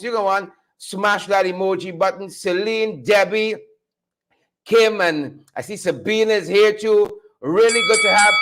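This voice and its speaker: Man, middle-aged, high-voiced stream host, repetitive and playful. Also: a bit bright. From Guyana. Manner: repetitive, playful catchphrases and chants. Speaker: livestream host. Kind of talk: energetic livestream hype talk.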